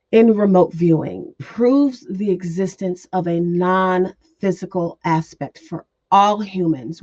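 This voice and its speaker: A woman's voice: fairly low pitch, darkish tone, no echo. Woman giving a talk on remote viewing, earnest, lots of ums and repeats, kinda muffled dry audio. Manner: earnest, repeats phrases, frequent fillers. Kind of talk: spoken presentation to an audience.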